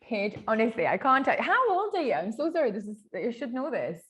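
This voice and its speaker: A woman's voice: on the high side, sing-song, fairly quick, slight background noise. Bubbly woman hosting a podcast. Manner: bubbly, swears freely, laughs loudly. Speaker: podcast host. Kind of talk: casual chat.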